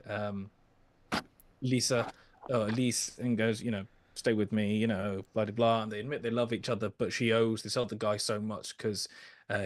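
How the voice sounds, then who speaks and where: This man co-hosts a podcast, talking loosely through an old movie musical in a halting way, full of fillers and false starts. He has a fairly low-pitched voice, recorded cleanly in a studio with no room sound.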